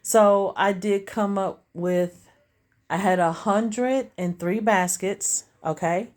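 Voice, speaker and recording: A woman's voice: medium pitch, steady tone, slow, a little mellow. A middle-aged woman from Tennessee with a Southern country accent, chatting to camera in a casual vlog, telling stories and addressing viewers as y'all. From Tennessee, USA. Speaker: vlogger selling gift baskets. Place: outdoors at a street sales stand, later at home. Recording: noisy outdoor street with traffic. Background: car traffic.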